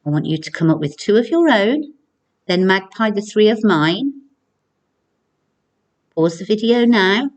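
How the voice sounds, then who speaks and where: A woman primary school teacher giving a recorded video lesson, speaking clearly and encouragingly to children. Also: mid-range voice, animated. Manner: slow, clear, encouraging classroom delivery.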